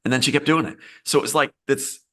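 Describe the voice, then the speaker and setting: A man's voice: medium pitch, steady tone, fast talker, bright, forceful tone. A man being interviewed as a screenwriter, talking in a meandering way, often restarting and repeating phrases. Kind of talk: live interview, casual talk.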